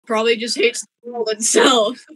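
Female gamer with a bright, slightly high voice; loose, excitable chat full of swearing and laughter. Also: normal speed, slightly rough, no echo, poor audio. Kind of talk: casual gaming chat.

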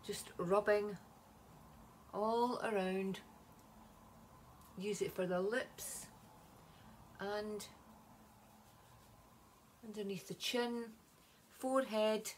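A woman's voice: medium pitch, very slow, pauses often, slight background noise. A Scottish woman chatting casually in a home beauty vlog, rambling with many ums and asides. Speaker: vlogger.

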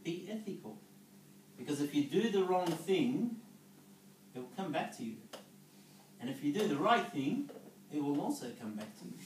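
With big pitch swings and frequent pauses, a slightly high-voiced man talks at normal speed. The network marketing speaker is coaching an audience through a motivational business talk, dropping in "okay?" and "yeah?" to check in. Slight background noise accompanies his distant voice in an echoey room.

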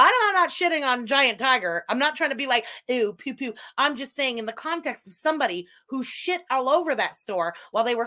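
A woman's voice: on the high side, pushed and bright. A woman from Canada giving profane, sarcastic commentary while reacting to a video. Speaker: commentary streamer.

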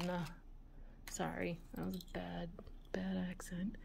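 A woman hosting a vintage jewelry video, musing aloud in a soft, relaxed voice and sometimes dropping to a whisper. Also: lowish voice, vocal fry, a little hiss or hum. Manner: slow, soft-spoken, musing aloud, often drops to a whisper. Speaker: vintage jewelry channel host. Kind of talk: casual show-and-tell of jewelry.

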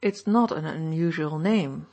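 A woman reading an audiobook, voicing a calm male soldier who speaks quietly and patiently. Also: deep voice, unhurried. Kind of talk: audiobook narration.

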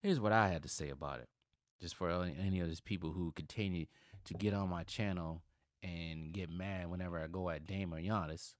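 Heard in clean studio sound with no echo, this man has a deep voice and a fairly quick delivery. He's a thirtysomething from Milwaukee who hosts a sports channel, and his opinionated commentary heats up, turning loud and emphatic in his rants.

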